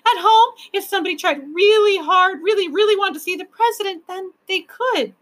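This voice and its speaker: A woman voicing a tearful young girl who pleads in a high, wailing voice during a storybook reading. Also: fairly quick. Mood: imploring.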